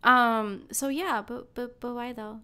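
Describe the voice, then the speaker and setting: A woman's voice: a little high, fairly even intonation, slow pace, bright, forceful tone, clean tone. A woman hosting a casual podcast, laid-back and chiming in with reactions. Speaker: podcast host.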